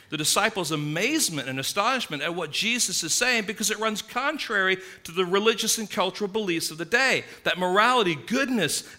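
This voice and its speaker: A man preaching a sermon, emphatic, swinging between loud stresses and hushed asides. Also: high-pitched. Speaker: pastor.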